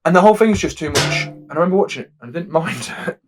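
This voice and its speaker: Fast-talking guy on a podcast, opinionated, ranty. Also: a little high, expressive, faint music behind. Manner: opinionated, quick rants. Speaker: podcast co-host. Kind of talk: casual chat.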